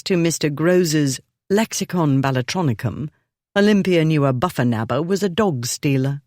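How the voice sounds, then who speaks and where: A narrator reading a historical romance novel in a measured storytelling manner. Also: medium pitch, expressive, darkish tone, no echo, clean studio sound. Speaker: audiobook narrator.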